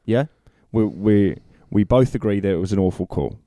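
Easygoing man with a warm low voice. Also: moderate pace, dry recording, studio quality. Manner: easygoing, agreeable banter. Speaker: podcast co-host. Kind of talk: casual chat.

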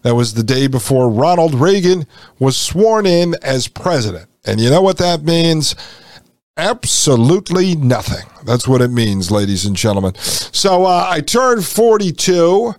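A man in his forties hosting his own podcast, talking casually and calling listeners "ladies and gentlemen.". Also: on the high side, very animated, a little slow, no echo, studio quality. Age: 40s. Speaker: podcast host. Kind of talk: casual monologue.

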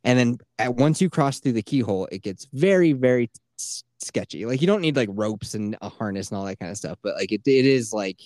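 Young male podcast host, casual, expressive pitch, cursing storyteller. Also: a little fast, hardly any pauses, no echo, studio quality. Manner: swearing, animated storytelling with laughs. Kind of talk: casual chat.

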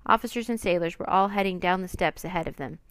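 Woman narrator, expressive children's book reading, dry. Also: fairly low pitch, fast, clear, resonant tone, no room sound. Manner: expressive, dramatic.

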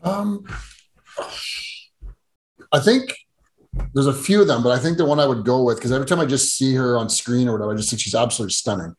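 A man's voice: medium pitch, fairly quick, long pauses. A man chatting casually as a guest, easygoing and full of fillers. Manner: easygoing, laughs, filler words like "like". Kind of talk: casual chat.

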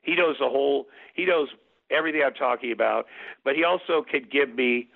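A man telling a long story as an interview guest, rambling and lively, with many restarts and quoted exchanges. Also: mid-range voice, fairly quick, gravelly. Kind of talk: animated storytelling. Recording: phone-like narrow sound.

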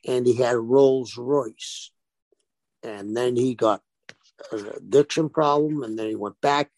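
In a casual interview with no room sound, a former professional wrestler spins stories, animatedly acting out what people said. His voice is mid-range and a little slow.

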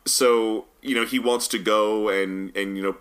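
A man's voice: lowish voice, fairly even intonation, measured pace, a bit bright. A man in casual conversation on a podcast, recapping a movie's plot in a rambling way and laughing as he goes. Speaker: podcast co-host. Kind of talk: casual film review chat.

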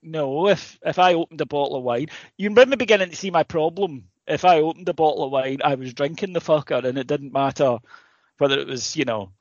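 A man's voice: fairly high pitch, a little fast, no echo. Swearing man telling stories. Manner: animated storyteller, swears freely. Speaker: podcast co-host. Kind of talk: casual comedic chat. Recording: dull lo-fi sound, dry.

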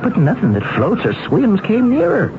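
An actor playing a confident, shrewd Boston police chief in an old-time radio drama, with a breezy, folksy manner. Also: male voice, high voice, wildly swooping pitch, moderate pace, gravelly, exaggerated voice. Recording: phone-like old radio broadcast, faint hiss.

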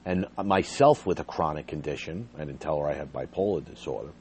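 Middle-aged man, low mellow voice, emphatic storyteller talking to camera, faint noise. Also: brisk. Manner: emphatic, retells dialogue aloud. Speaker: behavior support worker. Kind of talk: personal storytelling to viewers.

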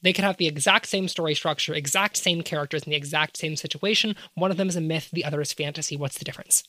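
Low-voiced woman lecturing on games. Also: fast, bright, forceful tone, no echo. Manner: academic, lecturing with rhetorical questions. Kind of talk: casual analytical discussion.

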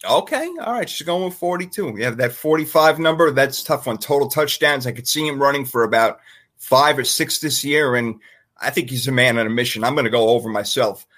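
Animated guy hosting sports chat, bright husky voice, jokey. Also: medium pitch, brisk. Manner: animated, joking, runs a guessing game. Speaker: sports show host.

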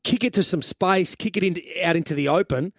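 A middle-aged Australian man breaks down football tactics on a radio sports show. His voice sits a bit high for a man and runs on, looping back over his own phrases. The studio sound is dry and close. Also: quick pace, no echo. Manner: rambling, restarts phrases while explaining tactics. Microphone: studio microphone.

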